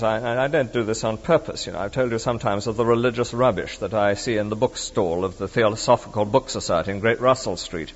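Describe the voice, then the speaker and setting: A middle-aged man preaching a sermon in a conversational, animated way that swings between emphatic and hushed. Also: medium pitch. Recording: dull reverberant hall recording.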